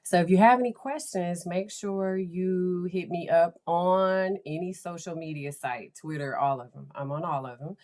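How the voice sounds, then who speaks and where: A woman hosting her own podcast, talking in a chatty, enthusiastic way and laughing often. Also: sits low. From United States. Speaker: podcast host. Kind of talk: casual podcast talk.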